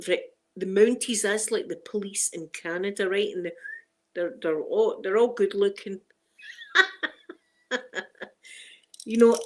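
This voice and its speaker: A Scottish woman hosting a live stream, chatting casually and rambling with viewers, laughing often. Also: mid-range voice. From Scotland.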